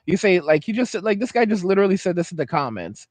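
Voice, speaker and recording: A man with a high voice delivers a heated, blunt rant on his own commentary channel. He often stumbles over words and restarts his sentences. The recording is dry and close, with no room echo. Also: sing-song, quick pace. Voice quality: high-pitched voice. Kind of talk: ranting commentary vlog.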